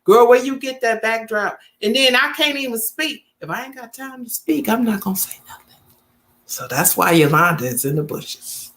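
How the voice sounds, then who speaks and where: A woman's voice: a little high, expressive, moderate pace, fairly bright tone. A woman, chatting casually with viewers as host of her livestream. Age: 50s. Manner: chatty, talks straight to viewers.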